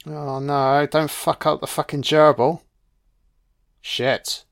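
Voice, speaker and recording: This man's watch-along film commentary comes in a high-ish voice with flat delivery, taken slowly. Still, he's profane and reactive, swearing freely and talking back at the screen.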